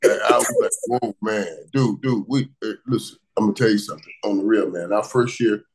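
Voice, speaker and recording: A man from Miami tells stories as a guest with lively energy. He doubles back on his words and keeps things loose and conversational. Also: on the low side, brisk, gravelly, rough recording. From Miami, USA. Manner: lively, repeats words, bursts of laughter. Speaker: guest, former pro football receiver. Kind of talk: animated storytelling in casual conversation.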